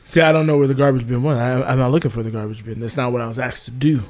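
A man co-hosting a casual chat, telling a story with animated delivery and frequent laughs. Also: mid-range voice, rapid-fire. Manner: animated storytelling, laughs often, acts out quoted voices. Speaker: podcast co-host.

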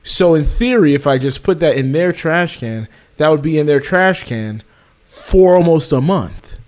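A man co-hosting a casual chat, telling a story with animated delivery and frequent laughs. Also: a little high, measured pace. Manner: animated storytelling, laughs often, acts out quoted voices. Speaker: podcast co-host.

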